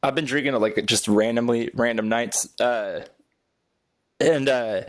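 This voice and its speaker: A man's voice: medium pitch, a little slow, no room sound, clean studio sound. A man co-hosting a podcast, chiming in with jokes and profanity in casual chat. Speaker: podcast co-host.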